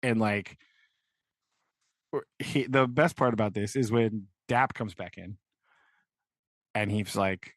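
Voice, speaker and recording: A man's voice: lowish voice, slow, pauses often, dry recording. Rambling young man recapping a book. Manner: rambling, filler-heavy, keeps asking "right?". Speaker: podcast co-host. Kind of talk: casual book discussion.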